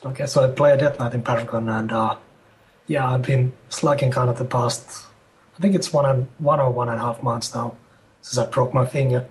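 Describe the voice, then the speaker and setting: A man's voice: medium pitch, fairly even intonation, a little fast, darkish tone, poor audio. A man guest talking casually, swearing and restarting his sentences. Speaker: guest, guild raider.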